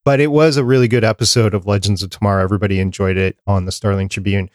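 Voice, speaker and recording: A man in a casual podcast conversation, reading down a prepared list in a chatty, easygoing way. His voice sits at a middle pitch and sounds dry and close, with no room echo. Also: fairly even intonation, rapid-fire. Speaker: podcast host.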